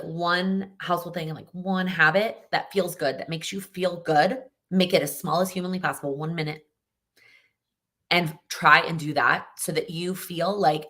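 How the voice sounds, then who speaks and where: A young woman answers viewer questions on a live stream in a chatty, encouraging way, often circling back and restarting mid-sentence. Her voice sits low yet has a bright, forceful edge. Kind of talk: live Q&A, casual advice.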